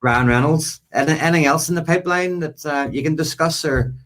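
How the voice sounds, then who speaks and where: A man's voice: a little high, brisk, a bit bright. A man hosting a casual interview, asking short questions. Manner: brief prompts and backchannel agreement. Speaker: interview host.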